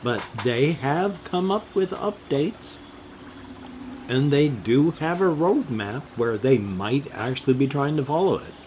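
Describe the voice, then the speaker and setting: Slow, rambling older man vlogging. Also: mid-range voice, lively intonation, darkish tone, slight background noise. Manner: slow, meandering, jumps between topics with chuckles. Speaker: gaming vlogger. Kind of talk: rambling casual monologue.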